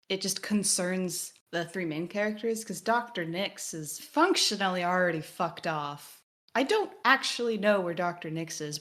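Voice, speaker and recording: A woman's voice: mid-range voice, a bit bright. A woman co-hosting a podcast in casual discussion, analytical with wry joking asides. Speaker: podcast co-host.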